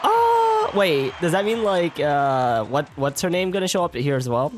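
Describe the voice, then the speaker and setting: A man's voice: fairly high pitch, lively intonation, normal speed, loud music behind the voice. A man streaming a game live, chatting casually, stumbling over words and joking with his chat.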